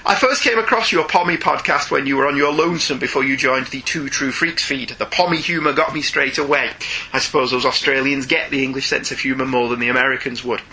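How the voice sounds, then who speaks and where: A man's voice: medium pitch, quick pace, sharp tone, poor audio. A man from Ireland with a sore throat, co-hosting a podcast and reading listener emails aloud in casual chat, laughing often as he goes.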